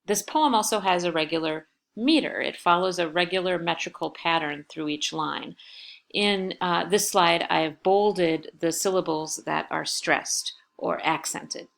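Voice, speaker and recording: A woman teacher talks through her lecture slides at a patient, explaining pace. Her voice sits low and has a gravelly edge. She often pauses on small fillers as she goes. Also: fairly bright tone. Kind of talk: recorded lecture over slides.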